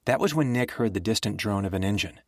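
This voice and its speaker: Man, audiobook narrator, low voice, measured, dry recording. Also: no echo. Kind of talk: scripted narration.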